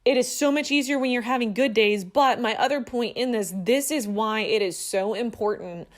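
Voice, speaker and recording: A woman's voice: fairly high pitch, moderate pace. A woman in her thirties, a coach, telling a personal story to her viewers in an earnest, assertive way. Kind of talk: casual motivational talk to camera.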